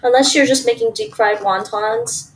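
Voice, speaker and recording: A woman's voice: on the high side, steady tone, moderate pace, far from the mic, a little hiss or hum, poor audio. A woman, chatting casually and thinking aloud while she cooks at home and answers her stream chat. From Toronto, Canada. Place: home kitchen.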